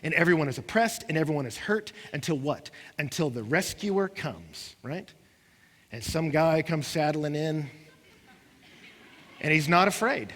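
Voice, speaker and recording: A man preaches, his voice sitting a little high for a man. His delivery swings between hushed, heavy moments and bursts of impassioned emphasis. The sound carries a long reverb from a large auditorium. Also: expressive, a little slow. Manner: impassioned preaching, acting out what listeners say, rising and falling intensity. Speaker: pastor. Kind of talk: sermon.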